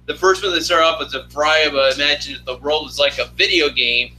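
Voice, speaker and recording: Young man, live-stream host, rambling casual chat, very bright tone, slightly high pitch. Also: a little fast, a little hiss or hum, low-quality recording. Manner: rambling, joking, lots of fillers. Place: home apartment.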